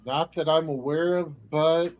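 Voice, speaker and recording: A man chatting on a livestream, telling stories in an animated way. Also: fairly high pitch. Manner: animated storyteller, doing quick voices. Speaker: streamer guest. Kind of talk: casual chat.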